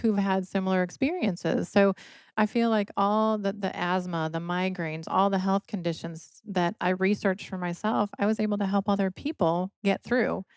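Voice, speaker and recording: A middle-aged woman from Michigan, appearing as a podcast guest, tells her personal story earnestly and emotionally, quoting others in dialogue. Her mid-range voice is clear and resonant, with fairly even intonation and a moderate pace, in a dry, studio-quality recording.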